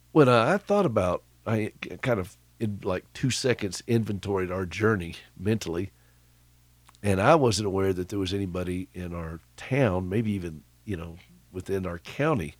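Low-voiced man hosting a caregiver radio show. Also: husky, no echo. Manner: storytelling, chuckling, asks listeners questions. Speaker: radio host. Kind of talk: conversational radio talk.

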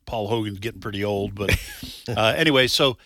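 A man hosts a radio talk show, rambling and restarting as he goes. His voice is bright and sits in a dry, close studio sound. He chuckles at himself between thoughts. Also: on the low side, fairly quick, no room sound.

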